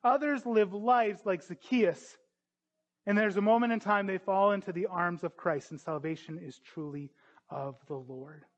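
A man preaching a sermon as a pastor, earnest and emphatic, slowing down on key phrases. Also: high voice. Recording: dull lo-fi sound.

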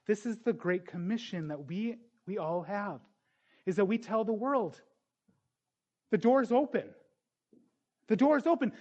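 A man preaches a sermon in a high, light voice. He tells stories and throws himself into the voices of the people in them. The recording is dull and lo-fi. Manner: storytelling, animated voices in retold scenes.

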